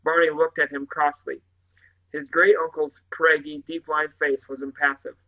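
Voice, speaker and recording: A man reading a novel aloud in a steady storytelling manner. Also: a little high, normal speed, low-quality recording. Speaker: audiobook reader.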